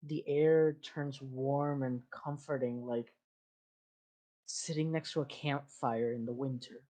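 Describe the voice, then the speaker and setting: A game master narrates a tabletop scene at an unhurried pace. The narration is descriptive and improvised, full of fillers and self-corrections. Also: mid-range voice, fairly even intonation, dark tone. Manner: descriptive, with frequent fillers and restarts.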